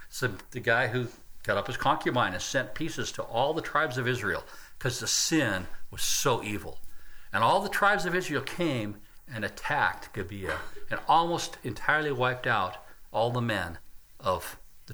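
A man's voice: mid-range voice, big pitch swings, moderate pace, sharp tone. A man preaching an expository sermon, reading Bible verses aloud and breaking in with his own asides.

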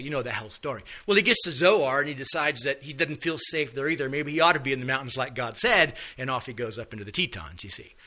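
A man's voice: mid-range voice, bright, forceful tone. A man teaching a Bible lesson, retelling stories in a folksy, conversational way and casually acting out the characters' lines. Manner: folksy storytelling, acts out quotes casually.

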